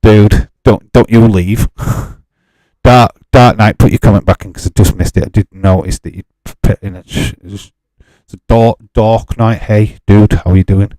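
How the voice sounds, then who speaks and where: A man hosts a live stream in a casual, chatty way, often laughing and pushing back at his viewers. His voice sits fairly low with a warm, mellow tone. The sound is close and dry, with no room echo. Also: fairly even intonation, measured pace. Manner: exasperated, chatty, laughs often, reads chat aloud.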